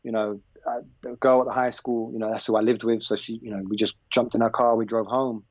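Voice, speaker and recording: A man in his thirties with an English accent, a podcast guest telling a story in a relaxed, rambling way and acting out the dialogue. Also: medium pitch, a little fast, no echo, lo-fi sound. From England. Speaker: podcast guest, former basketball player. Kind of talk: casual anecdotal storytelling.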